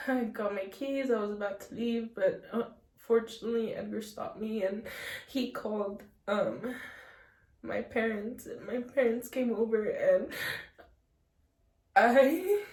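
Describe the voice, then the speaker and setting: A young woman in a personal vlog, telling her story in a halting, emotional way and close to tears. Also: a little high, a little mellow. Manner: halting, emotional, many restarts. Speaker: vlogger. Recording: echoey room.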